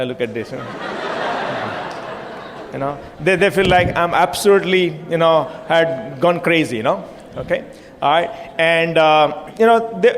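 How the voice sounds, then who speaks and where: Man, high pitch, audience-prodding stage talk, long reverb. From India. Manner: repetitive, punchy, audience-prodding. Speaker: motivational speaker. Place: hotel conference hall.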